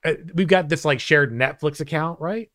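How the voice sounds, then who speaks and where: A man's voice: fairly high pitch, normal speed, a bit bright, no echo, clean studio sound. A man talking in a casual chat as a podcast host, rambling and swearing with lots of "like". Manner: rambling, profane, full of "like".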